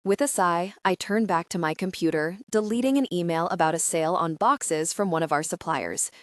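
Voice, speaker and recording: A woman's voice: fairly low pitch, moderate pace, no room sound, clean studio sound. A woman narrating a first-person romance audiobook in a wry, self-deprecating way.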